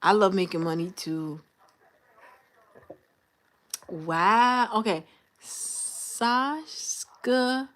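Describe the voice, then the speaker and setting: A woman's voice: mid-range voice, sing-song, moderate pace, a bit bright. A young woman chatting casually on a livestream, telling a story and acting out her coworkers and her manager. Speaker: livestream host. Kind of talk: casual livestream chat with viewers.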